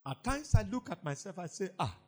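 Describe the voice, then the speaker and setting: A man preaching a sermon as pastor, swinging from loud emphatic lines to low mocking asides. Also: sing-song, fairly quick.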